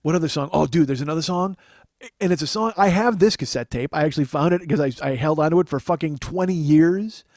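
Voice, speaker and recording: A man's voice: fairly high pitch, fast talker, darkish tone, no room sound. A man in his forties hosting a comedy podcast, rambling and self-mocking as he chats and swears freely. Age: 40s. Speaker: podcast host. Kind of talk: casual comedic podcast chat.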